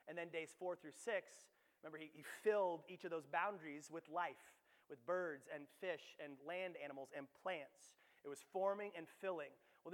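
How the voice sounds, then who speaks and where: A man's voice: high-pitched, fairly bright tone, in a large hall. A young adult man preaching a sermon as pastor, conversational and then emphatic, with frequent tag questions. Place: church.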